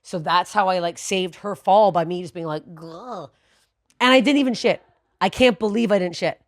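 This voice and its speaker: A woman co-hosting a podcast, telling a story in a profane, animated way that swings from low muttering to loud bursts. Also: a little fast, dry recording, clean studio sound. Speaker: podcast co-host. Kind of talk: storytelling in casual podcast chat.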